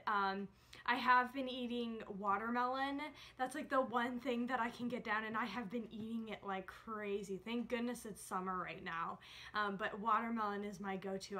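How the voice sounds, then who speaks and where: A woman's voice: fairly high pitch, bright, forceful tone. A young woman talking casually in a chatty vlog, with many fillers, feeling nauseous. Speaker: vlogger.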